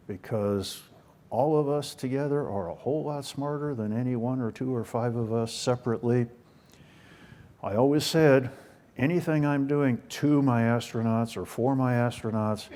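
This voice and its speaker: A man's voice: medium pitch, dark tone. Older american guy giving a talk, folksy jokes at his own expense. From United States. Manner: folksy, self-deprecating humor. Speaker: guest speaker. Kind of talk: storytelling talk.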